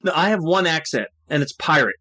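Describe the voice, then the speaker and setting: A man hosting a podcast in casual chat, easygoing and quick to laugh. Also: on the high side, expressive, bright, forceful tone. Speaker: podcast host.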